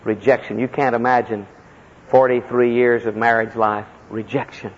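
A man preaching a sermon as a personal story, impassioned, with sudden leaps in pitch and heavy emphasis. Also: level tone, moderate pace. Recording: echoey hall, dull lo-fi sound.

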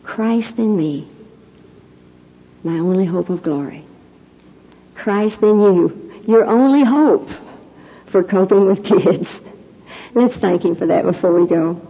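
Earnest woman preaching, mellow tone. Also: mid-range voice, slow pace, long pauses, slightly rough. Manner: storytelling, emphatic, earnest. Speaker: Christian speaker, mother. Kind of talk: sermon-style talk with prayer. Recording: dull lo-fi recording.

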